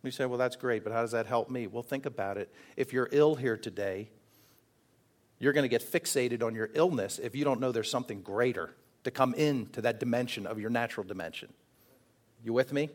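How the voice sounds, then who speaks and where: A man's voice: medium pitch, brisk. A man preaching a sermon in an earnest way, often asking the congregation questions. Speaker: pastor.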